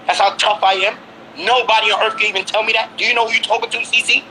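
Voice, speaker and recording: Insistent fast-talking man, bright voice. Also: high voice, little pitch movement, slight background noise, rough recording. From Brooklyn, New York. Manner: insistent, repeats himself, presses the listener with questions. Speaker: guest. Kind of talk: heated casual conversation.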